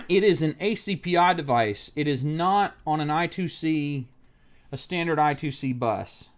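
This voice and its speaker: This man's voice sits fairly high and moves a little slowly. Streaming a laptop repair live, he vents profanely at a website on his screen and murmurs his way through the technical work.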